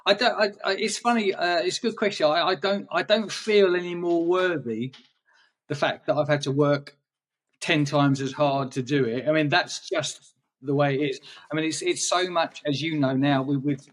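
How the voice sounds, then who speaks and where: Rambling English photographer, distant mic. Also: male voice, on the high side, normal speed. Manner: rambling, hesitant with many restarts. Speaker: guest photographer. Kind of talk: casual interview chat.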